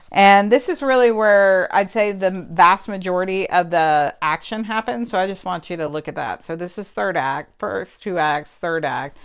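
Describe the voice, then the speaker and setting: A woman's voice: on the low side, smooth, dull audio. A woman casually recapping and reviewing a novel with a sarcastic, exasperated manner. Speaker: book reviewer. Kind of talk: casual spoken book review.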